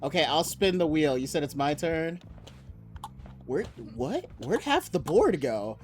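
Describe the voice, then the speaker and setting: Laughing, excitable male streamer, unhurried. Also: fairly high pitch, faint music behind. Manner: laughs often, excitable, talks to himself while playing. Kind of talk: casual gaming stream chat.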